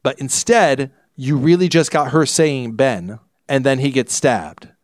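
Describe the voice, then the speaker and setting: A man's voice: medium pitch, unhurried, dry recording, clean studio sound. A man hosting a casual film review podcast, rambling with many restarts. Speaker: podcast host.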